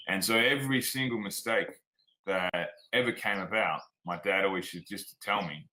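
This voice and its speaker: Low-voiced aussie guy telling stories in an interview, punchy bright tone, blunt and plainspoken. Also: moderate pace, low-quality recording. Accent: Australian. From Australia. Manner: frank and plainspoken, drops "like" and "man". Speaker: guest, performance coach. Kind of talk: casual interview storytelling.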